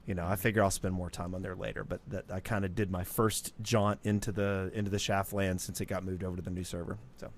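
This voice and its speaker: A man with a fairly low voice talks through a casual podcast chat. He stumbles over his words and repeats himself as he rambles, relaxed and unscripted. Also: a little hiss or hum. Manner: rambling, halting restarts. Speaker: podcast co-host.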